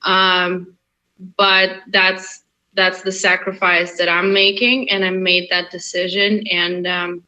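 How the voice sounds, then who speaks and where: A young woman with a light Russian accent talks as a guest in a casual interview. Her voice is bright and forceful, and she speaks slowly. She is earnest and emphatic and drives her points home by repeating phrases. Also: lowish voice, flat delivery, rough recording. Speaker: actress guest.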